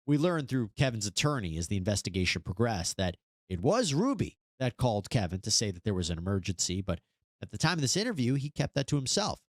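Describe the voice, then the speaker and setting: Man, true-crime host, skeptical and wry, deep voice, dry close sound. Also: big pitch swings, quick pace, no echo. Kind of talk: true-crime news commentary.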